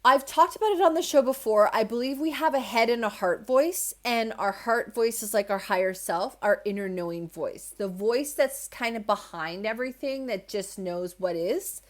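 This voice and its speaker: A woman's voice: fairly high pitch, moderate pace, few pauses. A woman hosting a solo spiritual podcast, talking in a reassuring, conversational way with plenty of fillers. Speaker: podcast host.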